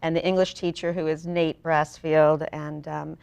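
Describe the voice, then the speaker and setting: A woman's voice: low voice, level tone, moderate pace, gravelly, a little mellow, clean tone, dry recording. A woman in a studio TV interview, talking at length about her theater company's play in long, run-on explanations. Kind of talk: local TV interview.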